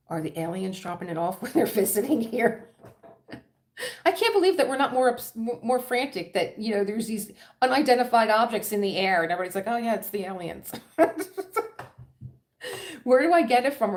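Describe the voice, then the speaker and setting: A woman's voice: medium pitch, expressive, brisk, a little mellow. A middle-aged woman with a Philadelphia accent chatting casually on a crafting livestream, rambling and laughing often. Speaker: diamond painting livestream host.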